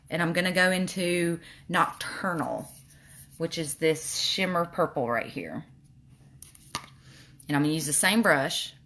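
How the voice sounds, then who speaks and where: A woman's voice: on the low side, a little slow, pauses often, fairly bright tone, slight background noise. A woman with a slight lisp, chatting casually while showing makeup on a livestream. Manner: chatty, reads viewer comments aloud.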